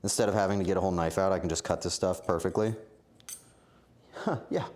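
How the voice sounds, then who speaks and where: Talking fast in a low, slightly mellow voice, this streamer cooks live at home for his chat. He rambles, pokes fun at himself, and now and then erupts in mock outrage.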